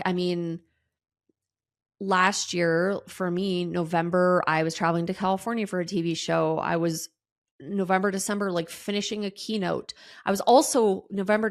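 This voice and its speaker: A woman hosting her own podcast, talking in a candid, rambling way with many fillers and casual swearing. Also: medium pitch. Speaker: podcast host. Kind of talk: casual solo podcast talk.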